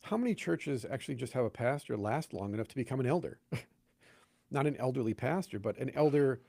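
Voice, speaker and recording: With a brisk, medium-pitched delivery and some vocal fry, a pastor speaks in studio-quality audio with no room sound. He tells stories in a loose podcast conversation, bringing them to life by imitating the voices of people he quotes.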